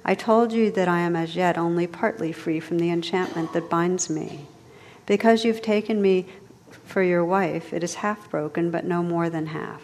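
A woman voicing a gentle, dignified enchanted noblewoman in a low, soft voice. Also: fairly even intonation, moderate pace, long reverb tail, a little hiss or hum, lightly acted. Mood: tender.

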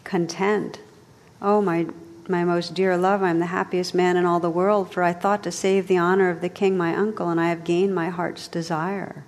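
A woman's voice: on the low side, flat delivery, long reverb tail, natural voice. A woman reading the part of an earnest, devoted young male knight. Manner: earnest, halting at moments.

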